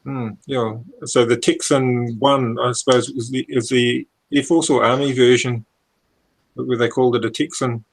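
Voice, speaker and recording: A man's voice: medium pitch, little pitch movement, normal speed, vocal fry, rough recording. A man on a casual video call, asking questions and musing keenly about old planes. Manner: enthusiastic, asks questions, muses aloud. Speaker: guest on a hobby hangout.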